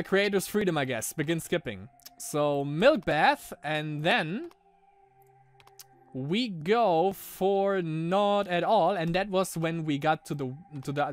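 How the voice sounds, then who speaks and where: A young man giving casual, sarcastic, profane commentary on a game he plays. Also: fairly high pitch. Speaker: gaming video host.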